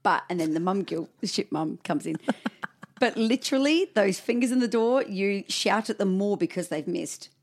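Woman, casual parenting chat co-host, animated and laughing, mid-pitched voice. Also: normal speed. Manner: animated storytelling with frequent laughter. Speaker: podcast co-host.

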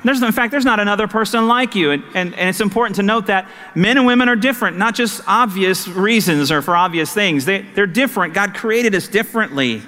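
A man preaching a sermon as pastor, animated and acting out conversations with his wife. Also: high-pitched, fairly quick, hardly any pauses, big-room sound.

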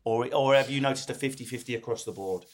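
Jokey Essex man hosting a podcast. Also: medium pitch. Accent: Essex English. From Essex, England. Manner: quick, jokey banter with playful put-on voices. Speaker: podcast host. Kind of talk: comedic podcast chat.

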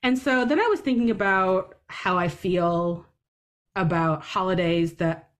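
A woman's voice: lowish voice, unhurried. A woman co-hosting a podcast in casual chat, talkative, with dry humor and frequent swearing. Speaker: podcast co-host. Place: city.

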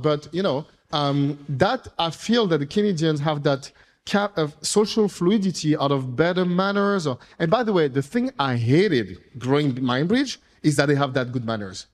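Animated man telling rambling stories. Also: fairly high pitch, a little fast. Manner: animated, rambling, with playful swearing. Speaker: entrepreneur speaking to an audience. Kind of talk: casual storytelling talk. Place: event room with audience.

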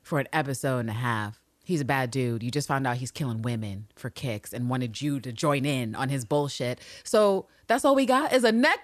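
Animated, profane woman ranting loudly. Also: normal speed, few pauses, no room sound, studio quality. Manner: animated, profane, swings between loud rants and low asides. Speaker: podcast co-host. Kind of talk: casual chat recap.

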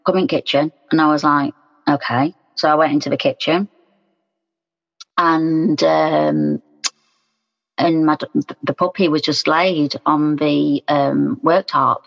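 A woman's voice: low voice, steady tone, slow pace, vocal fry, pauses often, fairly bright tone. A woman being interviewed, telling her own story frankly and acting out what was said in quoted speech. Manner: frank, plain-spoken, retells scenes in quoted speech. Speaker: interview guest. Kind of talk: personal account in conversation. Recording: dull sound with long room reverb.

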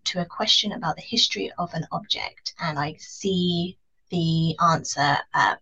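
A woman's voice: fairly low pitch, bright, forceful tone, muffled recording. A woman playing a tabletop game, explaining her moves thoughtfully and hesitantly, with fillers. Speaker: player. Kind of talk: casual tabletop play.

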